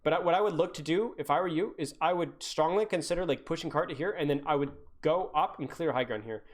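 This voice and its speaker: A woman's voice: low voice, fast. A young woman coaching over a live-streamed gameplay review, ranting and exasperated, hammering her points home by repeating them.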